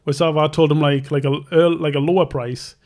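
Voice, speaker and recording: A man's voice: fairly high pitch, steady tone, fairly quick, a little mellow. A young man who is a tattoo artist, casually telling a long story and acting out both sides of the conversation, with lots of restarts. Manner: rambling, self-interrupting, acts out both sides of conversations. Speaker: tattoo artist, podcast host.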